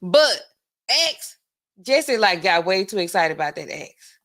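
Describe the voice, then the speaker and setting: A woman with a Southern US accent hosting a podcast, telling stories in a slangy, laughing, animated way and acting out other people's voices. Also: mid-range voice, measured pace. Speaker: podcast host. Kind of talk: casual storytelling commentary.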